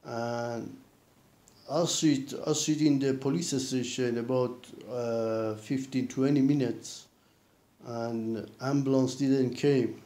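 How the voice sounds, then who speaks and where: A man recounting a personal experience in a halting way, with many restarts and repeated fillers. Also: medium pitch, steady tone, dark tone. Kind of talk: casual spoken account. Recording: roomy echo.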